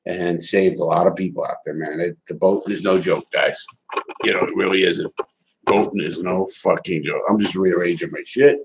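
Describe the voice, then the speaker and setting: A man hosting a casual live stream, reading viewer chats aloud and talking loosely, swearing and repeating words in quick bursts. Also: deep voice, fairly even intonation, very noisy.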